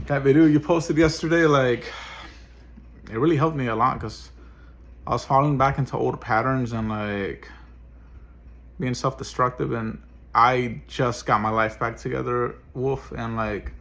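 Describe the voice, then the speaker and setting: A man's voice: medium pitch, fairly bright tone. A man venting in a personal vlog as a single dad, swearing often and sounding frustrated. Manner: profane, frustrated ranting.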